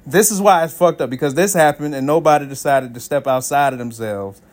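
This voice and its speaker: A man's voice: on the high side, fairly quick. A man, likely in his thirties, hosting a solo podcast, telling casual stories with lots of swearing and laughter. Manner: animated storytelling, swears freely, laughs often, voices friends in quotes. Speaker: podcast host.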